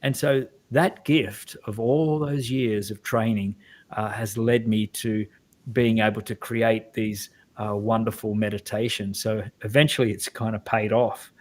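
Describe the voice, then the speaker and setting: A man's voice: lowish voice, steady tone, measured pace. A middle-aged man with a mild, neutralized Australian accent, talking reflectively as an interview guest and often restarting his sentences. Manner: reflective, hesitant, many restarts. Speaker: guest, guided meditation creator. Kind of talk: casual conversation.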